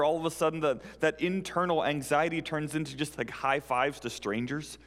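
A male pastor giving a sermon, telling a story with lively, animated delivery. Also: fairly high pitch, normal speed, hardly any pauses. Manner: animated storytelling, acts out characters. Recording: reverberant hall.

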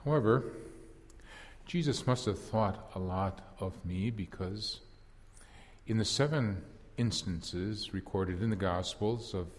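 In a large hall, a man with a fairly low voice speaks slowly, playing an impulsive fisherman apostle in a first-person dramatic monologue. He tells his story earnestly and reflectively, with wry self-deprecation.

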